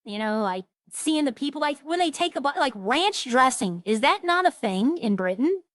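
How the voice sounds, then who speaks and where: A woman's voice: sits high, big pitch swings, normal speed, a bit bright, no echo. Chatty woman streaming, dry sound. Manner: rambling, chatty storytelling, mimics people she quotes. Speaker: roleplay streamer. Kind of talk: casual streaming chat.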